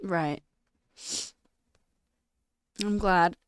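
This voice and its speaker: A woman talking casually on a live stream, tearful and crying, speaking in halting phrases broken by sighs. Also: on the low side, smooth, dry recording, studio quality. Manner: halting, sighing, quietly emotional.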